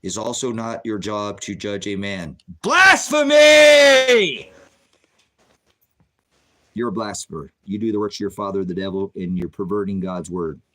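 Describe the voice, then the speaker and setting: A man's voice: sits low, flat delivery, a little fast, hardly any pauses. A middle-aged man preaching bluntly on a livestream, answering viewers' chat questions in a combative, sermonizing way.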